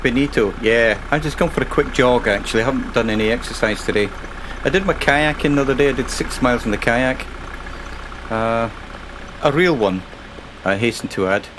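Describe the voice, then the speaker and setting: A man's voice: mid-range voice, fairly quick, noisy background. A man casually commentating his own driving game stream, chatting and rambling to himself and his viewers.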